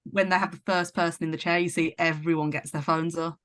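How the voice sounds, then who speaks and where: A woman's voice: lowish voice, level tone, fast, a bit bright, dry recording, clean studio sound. Thoughtful woman guest on a film podcast. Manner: thoughtful, offers interpretations. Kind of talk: casual film discussion.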